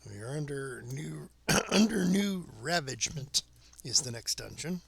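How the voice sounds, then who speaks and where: A man streaming a fantasy online game, giving relaxed, casual commentary with dry asides and chuckles. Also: a little high, unhurried, gravelly, a crowd in the background.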